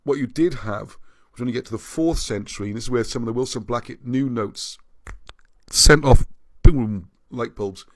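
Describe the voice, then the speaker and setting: A man's voice: mid-range voice, normal speed, no echo. A man hosting a livestream and reading out viewer comments, rambling and often restarting his sentences. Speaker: livestream host.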